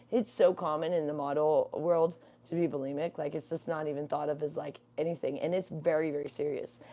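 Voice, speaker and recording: Chatting casually from home as a livestream co-host, this young adult woman rambles and uses many fillers. Her voice is low and a little mellow.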